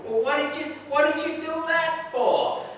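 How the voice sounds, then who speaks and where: An amateur actor playing a smooth-talking, flirtatious Hollywood producer in a live stage play, recorded from far off in a hall. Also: male voice, very high voice, moderate pace, fairly bright tone. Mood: charming. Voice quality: wheedling, charming, eager. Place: theatre stage.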